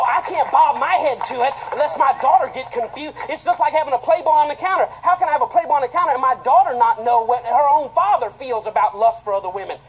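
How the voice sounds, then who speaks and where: A man, a pastor, preaching an impassioned sermon that swings between loud outbursts and quiet, low asides. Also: poor audio. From United States.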